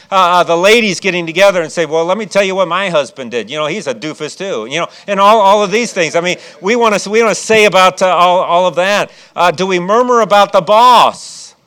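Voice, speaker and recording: A man's voice: high voice, a bit bright, clear, resonant tone. A man from Chicago preaching a sermon as pastor, with folksy asides and frequent restarts.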